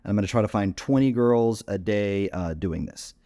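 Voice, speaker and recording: A man's voice: lowish voice, moderate pace, warm tone. A man giving a screen-share tutorial as a dating coach, casual and full of fillers while he clicks through screens.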